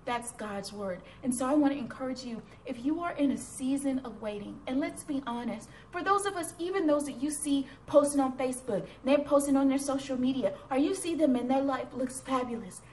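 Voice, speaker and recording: A woman's voice: high voice, brisk, few pauses, darkish tone, a little hiss or hum. A woman giving an earnest, encouraging devotional sermon and reading a poem with growing fervor, speaking to her computer camera. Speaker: Christian speaker. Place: at home before a computer. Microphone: computer webcam.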